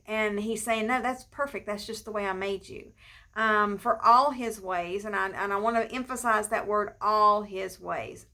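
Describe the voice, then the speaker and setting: A middle-aged pastor's wife giving an informal devotional, talking conversationally and repeating phrases for emphasis. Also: female voice, on the high side, pushed and bright.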